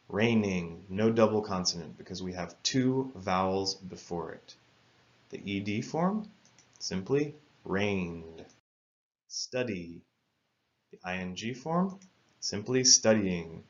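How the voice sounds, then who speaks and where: A man teaching English spelling rules in a careful, measured lesson narration, spelling words out letter by letter. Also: on the low side, dull audio.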